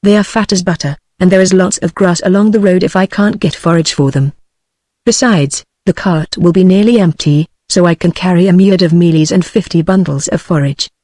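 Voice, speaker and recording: A woman's voice: fairly low pitch, brisk, warm tone, dry recording, clean studio sound, lightly acted. A text-to-speech woman's voice with a British accent, voicing a young English officer in a novel, practical and reassuring.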